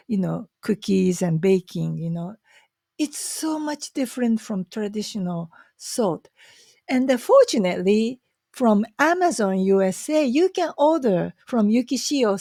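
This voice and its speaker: A woman with a Japanese accent talks slowly and warmly in a chatty, enthusiastic vlog. Her voice sits a little high, and the sound is dry and close. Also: gravelly, no echo. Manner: chatty, enthusiastic, many fillers. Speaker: vlogger. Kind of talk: casual talk to camera.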